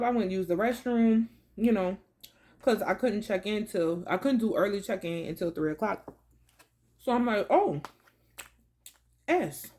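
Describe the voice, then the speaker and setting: A woman's voice: on the high side, a little mellow. A woman vlogger chatting casually to camera, telling a travel story in slangy talk and calling viewers baby and y'all while she eats. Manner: eating while talking.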